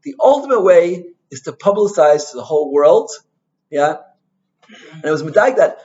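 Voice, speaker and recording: A male rabbi giving an informal Torah talk, an animated storyteller who mixes in Hebrew and Yiddish terms and keeps asking "right?". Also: sits high, moderate pace, dull audio.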